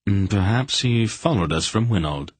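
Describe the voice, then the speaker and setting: A man's voice: fairly low pitch, lively intonation, normal speed, breathy edge, no room sound. Sly offhand acrobat, as a man plays him. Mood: musing. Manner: cool, offhand. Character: small wiry man, sly acrobat, quick and cocky.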